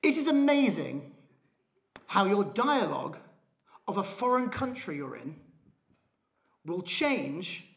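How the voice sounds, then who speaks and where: A man performing a stand-up comedy set on a theatre stage, telling a story with animated, shouted rants. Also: high-pitched, takes it slowly, vocal fry, pauses often. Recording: live theatre, audience laughter. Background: audience laughing.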